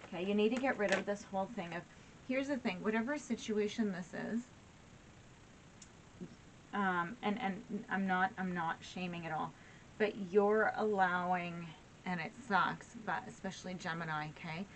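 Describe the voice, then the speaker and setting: A woman's voice: medium pitch, moderate pace, a little hiss or hum, low-quality recording. A woman giving a casual tarot reading to her viewers, encouraging and frequently asking "right?" and "okay?". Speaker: tarot reader.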